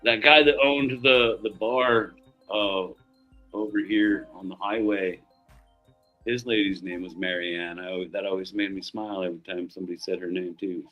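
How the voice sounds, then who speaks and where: A man's voice: sits low, fairly even intonation, normal speed, highs cut off, soft background music. A middle-aged man hosting a livestream, telling rambling stories in casual chat, swearing freely and laughing often. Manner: profane, rambling storyteller who laughs often. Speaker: livestream host.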